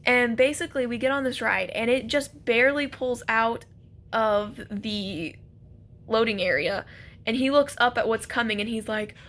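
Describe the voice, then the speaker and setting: A young woman telling a casual, animated story about a first date, laughing and acting out quotes. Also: fairly high pitch, normal speed. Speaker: vlogger.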